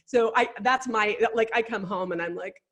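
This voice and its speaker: A middle-aged woman with a pitch that sits in the middle of the range talks as a life coach on a chat show. She tells stories in a candid, animated, chatty way, with restarts and quoted asides. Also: moderate pace. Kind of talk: casual chat.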